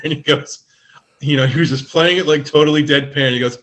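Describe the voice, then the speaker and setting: A man's voice: mid-range voice, fast talker, a bit bright. A man chatting on a podcast as a guest game writer over a video call, enthusiastic and rambling with fillers. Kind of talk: casual podcast chat.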